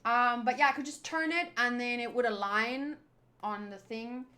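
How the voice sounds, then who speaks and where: A woman's voice: on the high side, normal speed, sharp tone. A woman chatting casually and rambling as she comments on a comic readthrough. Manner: rambling, chatty, many fillers. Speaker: YouTuber reading a comic aloud.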